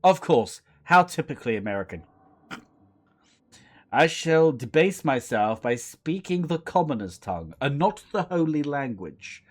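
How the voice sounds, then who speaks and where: A man's voice: fairly high pitch, very animated, measured pace, pitched above the performer's own voice. A man voicing a haughty, snobbish female cat in a video game, speaking in a pompous, disdainful way. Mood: snooty.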